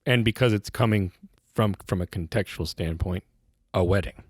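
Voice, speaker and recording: A man hosting a casual podcast conversation, quick to laugh and given to self-deprecating asides. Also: deep voice, a little mellow, breathy edge, no room sound, studio quality. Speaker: podcast host.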